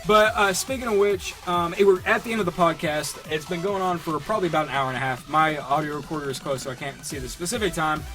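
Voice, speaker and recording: A man's voice: a little high, fast, hardly any pauses, a bit bright, soft background music. A young man co-hosting a podcast in casual chat, reading out online comments in a mocking way, with many fillers. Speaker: podcast co-host.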